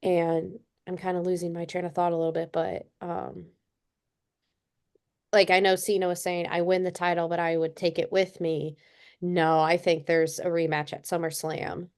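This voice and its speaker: A woman's voice: lowish voice, moderate pace, smooth. A young adult woman co-hosting a podcast, telling a story in casual chat and acting out the quotes. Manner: animated storytelling, acts out quotes. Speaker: podcast co-host.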